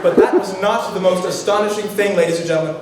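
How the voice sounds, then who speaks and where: A young man narrating a comic story to a live audience, mock-grand and theatrical, with sudden shouted lines. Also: sits high, steady tone, quick pace, heavy background noise. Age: young adult. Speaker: narrator of an a cappella comedy skit. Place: performance hall. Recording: roomy hall from far off, crowd.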